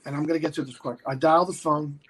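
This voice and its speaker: A man's voice: on the high side, fast, breathy edge, low-quality recording. A man in his fifties, a guest actor telling a show-business story in casual chat, often slipping into the voices of the people he quotes. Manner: animated anecdote-teller who slips into quoted voices.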